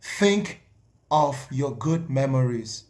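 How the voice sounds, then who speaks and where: A male host giving earnest, measured advice to a caller and repeating his key phrases. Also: mid-range voice, expressive, a little mellow, a little hiss or hum.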